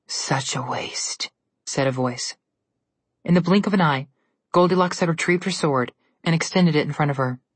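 A woman narrating a storybook tale in a steady, even manner. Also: lowish voice, no room sound.

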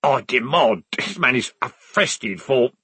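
A man's voice: mid-range voice, lively intonation, slow pace, pushed and bright, slightly rough, dry recording, exaggerated voice. A man voicing a petty, furious male army corporal who screams in rage. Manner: screaming, enraged.

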